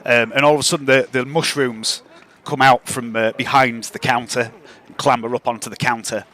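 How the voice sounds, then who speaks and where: A man's voice: medium pitch, steady tone, normal speed, sharp tone. Laid-back man running a tabletop game. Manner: laughing, loose, with many fillers. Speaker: game master.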